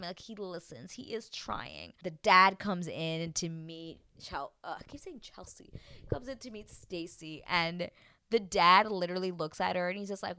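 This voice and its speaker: A woman's voice: lowish voice, moderate pace, dry recording. Chatty woman doing a tv recap, swears a lot, voice all over the place. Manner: chatty and expressive, swears freely, acts out quotes. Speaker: TV recap vlogger. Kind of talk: casual reality-show recap.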